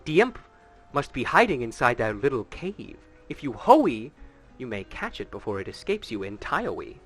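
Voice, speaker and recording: A fussy, lisping guild official, put on by a man reading game lines aloud. The voice is high and cartoonish and swoops all over, and it comes across bright. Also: sing-song, moderate pace, husky, faint music behind.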